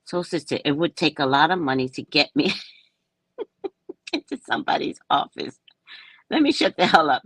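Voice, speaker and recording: A woman's voice: low-pitched, sing-song, normal speed, pauses often, fairly bright tone, slightly rough, no echo. A woman in her sixties, chatting casually and playfully with viewers on a live stream, laughing as she talks. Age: 60s. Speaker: live stream host and psychic reader. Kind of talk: casual live chat answering comments.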